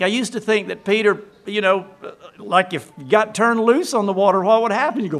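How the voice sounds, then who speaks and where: A man with a high voice preaches a sermon, telling scripture as a lively story. He keeps asking his listeners questions and answering them himself. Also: moderate pace, few pauses.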